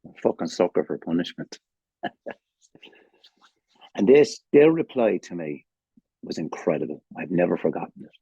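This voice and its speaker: A man's voice: sits low, big pitch swings, normal speed, creaky, long pauses, dark tone, husky, no room sound, lo-fi sound. An older man with an Irish accent gives a candid, emotional personal testimony at a recovery meeting, swearing freely, over a video call. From Ireland.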